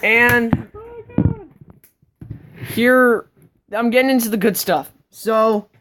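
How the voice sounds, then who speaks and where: A woman vlogger giving a casual, rambling tour of her sketchbook, breaking into sudden excited outbursts. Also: fairly high pitch, slow pace, background noise.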